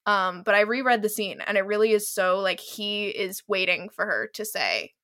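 Chatty bright-voiced woman. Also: medium pitch, animated, normal speed. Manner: chatty storyteller, many fillers like "um" and "like". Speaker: podcast co-host. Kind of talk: casual chat.

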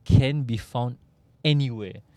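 A man's voice: mid-range voice, slow, mellow, dry recording. A man in a casual podcast panel chat, thinking aloud and laying out his opinion step by step. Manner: thoughtful, hedging, loose reasoning. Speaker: podcast co-host.

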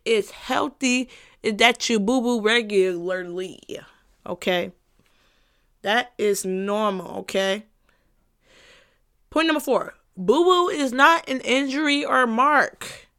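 A woman's voice: on the high side, slow pace, long pauses, bright, forceful tone, smooth. Emphatic, repetitive woman podcaster. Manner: emphatic and repetitive, with frequent profanity; playful, breaks into laughter. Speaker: podcast host. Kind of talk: casual solo podcast monologue.

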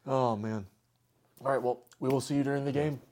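A man's voice: mid-range voice, steady tone, a little fast, darkish tone. A young man hosting a casual podcast game, laughing often and teasing his co-host.

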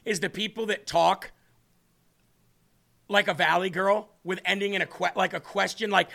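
A man's voice: high voice, normal speed, gravelly, bright, forceful tone. A man hosting a live political commentary stream, combative and scornful, talking to his co-host.

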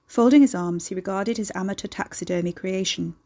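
A woman reading scripted horror story narration in a measured, deliberate way. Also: mid-range voice, warm tone.

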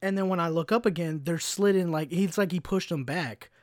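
A man's voice: fairly high pitch, a little fast, no room sound, clean studio sound. A young man hosting a podcast, telling a story in a profane, exasperated rant and acting out the other people's lines. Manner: profane, exasperated ranting with acted-out quotes. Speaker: podcast host. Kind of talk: casual storytelling monologue. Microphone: podcast mic, no camera.

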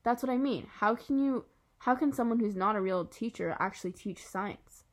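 A woman's voice: a little high, moderate pace, natural voice. A woman voicing a snide, sarcastic schoolboy bully while reading a children's novel aloud. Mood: sneering. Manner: sneering, sarcastic. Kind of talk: audiobook character reading.

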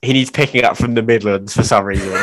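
A young man with a fairly low voice trades casual podcast banter. His humour is dry and wry, punctuated by quick laughs. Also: fairly bright tone. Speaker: podcast co-host.

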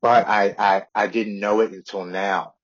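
A man's voice: on the low side, flat delivery, measured pace. A man in his forties, a podcast guest, earnestly telling a personal recovery story and often repeating words. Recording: dull lo-fi audio.

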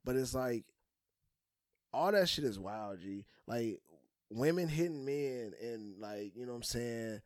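A man's voice: mid-range voice, lively intonation, a little slow, no room sound. Laid-back young man in a dry room. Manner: loose, profane, laughs often, trails off with "you know what I'm saying". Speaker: podcast co-host. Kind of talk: casual chat.

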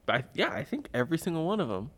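Lively young man joking around. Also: on the high side, rapid-fire. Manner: joking, laughs often, animated storytelling. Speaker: podcast co-host. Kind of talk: casual chat.

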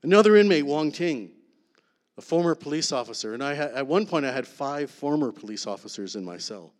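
A man giving a sermon testimony, emphatic, then dropping to a hush on key lines. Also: medium pitch, expressive, fairly quick. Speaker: preacher sharing testimony. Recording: long hall reverb.

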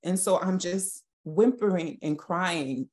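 A woman with a notably low voice speaks as a podcast guest giving personal testimony. Her delivery is halting and emotional, and she often restarts her sentences. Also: darkish tone. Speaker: guest sharing her story.

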